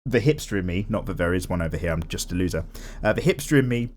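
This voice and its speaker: A young man with a casual, animated manner, chatting while he draws and swearing freely as he goes. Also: low-pitched, fast, slight background noise. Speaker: art vlogger. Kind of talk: casual chat while drawing.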